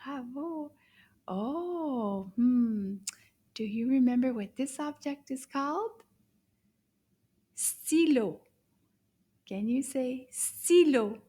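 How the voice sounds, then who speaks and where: Slow, encouraging woman teaching French to kids. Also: sits high, lively intonation, warm tone, breathy edge. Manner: cheerful, slow and encouraging, praising often. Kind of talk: children's language lesson.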